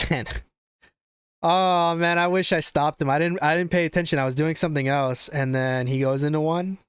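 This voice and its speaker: A man's voice: on the high side, normal speed, clear, resonant tone, no echo. A young man hosting a podcast, telling a story in a casual, profane, rambling way. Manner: profane, animated, rambling with restarts. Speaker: podcast host.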